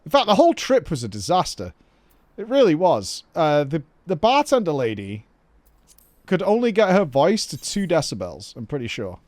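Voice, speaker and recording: A British man streaming a video game, chatting casually and telling stories in a loud, joking way. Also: fairly high pitch, moderate pace, soft background music. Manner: animated storyteller, loud and joking. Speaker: gaming streamer. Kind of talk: casual chat while playing a game.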